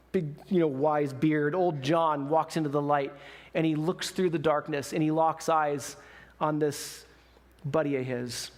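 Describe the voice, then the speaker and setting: A male pastor giving a sermon, telling a story in a lively way and acting out the people in it. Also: a little high. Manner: lively storytelling with quoted voices. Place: church sanctuary. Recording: echoey church hall.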